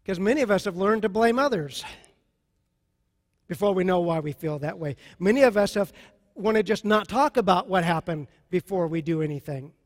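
A man with a high voice preaches to a congregation, pressing his points with emphasis and slow repetition. His voice rings out in a large hall with a long reverb tail. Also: expressive. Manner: emphatic, repeats key phrases slowly. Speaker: pastor. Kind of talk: sermon on marriage.

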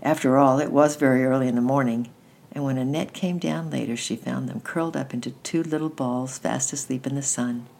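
Storytime reader, woman, unusually deep low voice, gentle steady read-aloud. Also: fairly quick, creaky. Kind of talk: reading a children's book aloud.

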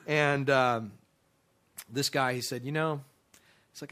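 Bright-voiced pastor telling a story. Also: male voice, mid-range voice, slow. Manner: animated storyteller, quotes others in lively voices, many restarts. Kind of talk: sermon storytelling.

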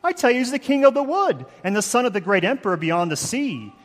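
A man putting on a male talking beaver, English accent, high pitched, long reverb. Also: big pitch swings, fast talker. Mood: excited. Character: excitable talking male beaver, eager and proud.

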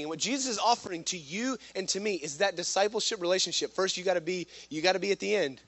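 A man preaching a sermon to a live room, impassioned, swinging from loud urgent lines to hushed ones. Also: high-pitched, fast talker, few pauses. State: out of breath at times. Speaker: pastor.

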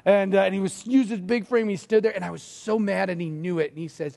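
A middle-aged man preaching a sermon, telling personal stories in a relaxed, conversational way with some laughter. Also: sits high, quick pace, gravelly. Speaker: pastor. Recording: long reverb of a large hall.

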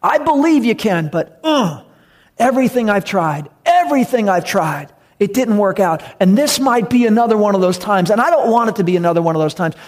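A man's voice: sits high, lively intonation, a little fast, voice pushed up. A man preaching acts out a desperate father pleading with God for his son, in a raised, anguished voice.

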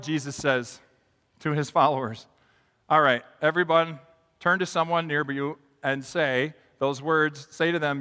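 A middle-aged man preaching a sermon as pastor in a church, acting out quotes with big swings in pitch and loudness. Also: normal speed. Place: church sanctuary. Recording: long hall reverb.

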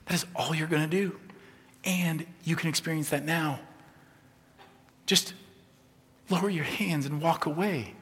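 A man preaching a sermon as a pastor, conversational and humorous, swinging from soft to emphatic. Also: fairly high pitch, measured pace, pauses often. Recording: long reverb of a large hall.

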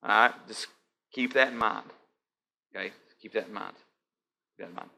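A man's voice: fairly low pitch, moderate pace, creaky, sharp tone. A man preaching a conversational sermon, speaking animatedly and often checking in with his listeners.

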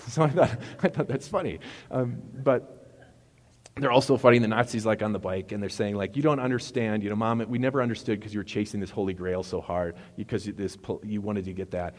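A man preaching a sermon in a relaxed, conversational way, retelling movie scenes and correcting himself as he goes. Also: on the low side, fairly quick. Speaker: pastor. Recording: long reverb of a hall.

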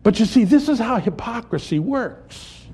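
A man preaching a sermon, building to impassioned peaks and dropping to quiet, reflective lines. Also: very high-pitched, big pitch swings, moderate pace, slightly rough. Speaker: pastor.

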